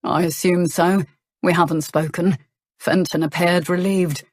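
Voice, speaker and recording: A woman voicing an earnest, solemn young nobleman in an audiobook, speaking in a measured, sincere way. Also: fairly low pitch, fairly even intonation, no echo.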